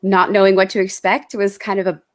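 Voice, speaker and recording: A woman's voice: mid-range voice, level tone, fairly quick. Female film podcast co-host, hesitant and giggly, mid-range voice. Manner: hesitant, laughs often. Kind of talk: casual movie review chat.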